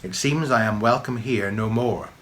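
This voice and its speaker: A man's voice: fairly low pitch, moderate pace, a bit bright, slight background noise, close to an everyday voice. A man voicing a huge, noble old male dragon in a storybook reading, with a growling, solemn delivery.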